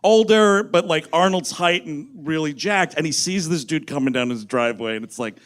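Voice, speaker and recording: A man co-hosting a live comedy podcast about a movie, excitable and profane, slipping into quick impressions. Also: on the high side. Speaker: podcast co-host. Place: comedy club stage before an audience.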